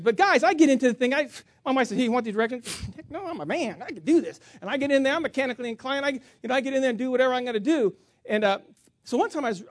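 A middle-aged man preaching, telling a story on himself with big swings between loud outbursts and quiet asides. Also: high-pitched, no echo, clean studio sound. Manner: animated, self-mocking storyteller with voice swings. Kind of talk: sermon storytelling.

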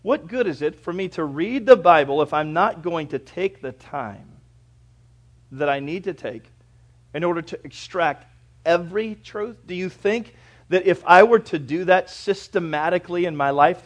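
A male pastor preaching a sermon in a church, folksy and conversational, swinging between quiet reflection and loud, lively bursts. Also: a little high, normal speed. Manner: folksy, conversational preaching with everyday examples and asides.

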